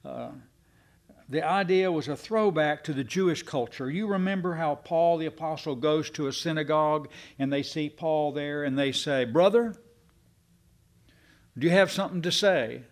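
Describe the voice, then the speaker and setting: A man's voice: fairly high pitch, normal speed. A man preaching a sermon, folksy and self-deprecating with his congregation. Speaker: pastor.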